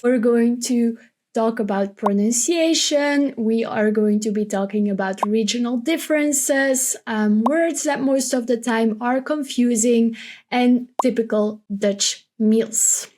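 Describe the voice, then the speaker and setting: A woman teaching vocabulary, repeating each word slowly and carefully for learners. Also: fairly high pitch, darkish tone, a little hiss or hum. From Belgium. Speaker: Dutch language teacher. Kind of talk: vocabulary lesson, slow and careful.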